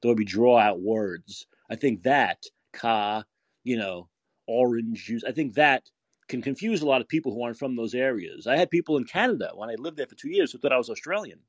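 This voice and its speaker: Husky American man with a drawl, rambling. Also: mid-range voice, lively intonation, quick pace, dry recording. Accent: New York. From United States. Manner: chatty, rambling, repeats himself. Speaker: podcast host. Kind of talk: casual podcast chat.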